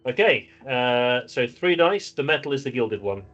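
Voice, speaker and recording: A man's voice: medium pitch, animated, normal speed, fairly bright tone, muffled recording, faint music behind. A man playing a tabletop role-playing game, chatting and working out his dice rolls aloud. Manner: chatty, works through dice rules aloud. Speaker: player. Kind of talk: casual tabletop play.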